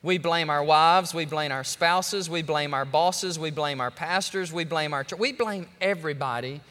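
A man preaching a sermon as pastor, animated and joking, speaking straight to his congregation. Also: a little high, normal speed. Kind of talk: lively sermon. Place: large church sanctuary. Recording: long church hall reverb.

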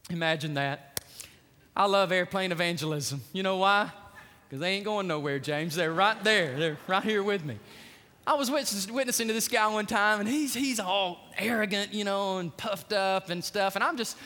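A man preaching a sermon as the pastor, telling stories with energetic, emphatic swings in loudness. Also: high voice, moderate pace. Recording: long hall reverb.

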